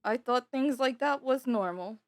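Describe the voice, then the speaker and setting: A woman's voice: sits high, unhurried, no echo. Laughing young woman telling a story. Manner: laughs often while telling a story, animated retelling. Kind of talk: casual storytelling chat. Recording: dry close mic, faint background music.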